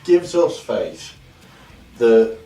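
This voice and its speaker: A man's voice: medium pitch, very animated, very slow, creaky, dark tone. A man chatting casually about music in a home vlog, dry and sarcastic. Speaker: vlog co-host reviewing albums. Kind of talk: casual chat. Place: home room with a fireplace. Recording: roomy sound from a distant mic with faint background noise.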